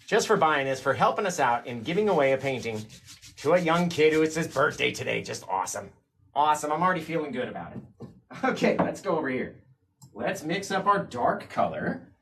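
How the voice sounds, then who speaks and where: A man teaching a live painting lesson, excited and chatty with viewers, a bit teary and sniffly. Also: on the high side. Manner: excited, talks to chat while painting. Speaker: painting instructor.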